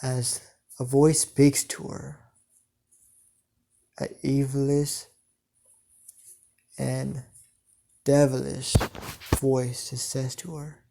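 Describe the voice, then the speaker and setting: Man, storyteller, hesitant and halting, slow, gravelly. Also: mid-range voice, flat delivery, warm tone. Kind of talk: improvised fan-fiction narration.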